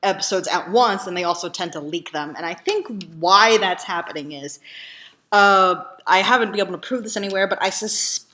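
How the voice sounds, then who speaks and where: A woman's voice: mid-range voice, fairly quick, sharp tone. A woman hosting a reaction video in casual chat, rambling with lots of ums and likes.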